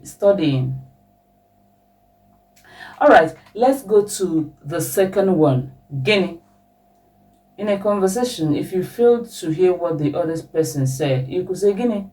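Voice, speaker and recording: Slow, patient woman teaching a language. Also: lowish voice, distant mic, poor audio. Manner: slow, patient, repeats example phrases with lively question intonation.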